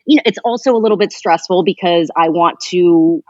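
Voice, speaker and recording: A woman guest in a casual podcast conversation, animated and laughing often as she talks. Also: lowish voice, fairly quick, no echo, muffled recording.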